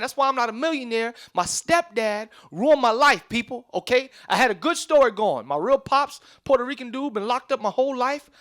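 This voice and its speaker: A young man doing a stand-up comedy set on a club stage, telling stories in with quick asides to the crowd. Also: very high-pitched, fairly bright tone. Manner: loose, streetwise storytelling with quick asides to the crowd.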